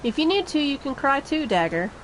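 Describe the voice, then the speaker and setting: A woman's voice: high voice, sing-song, fairly quick, slight background noise, rough recording. A woman voicing an easygoing young male thief, reading game dialogue aloud in a teasing, reassuring way.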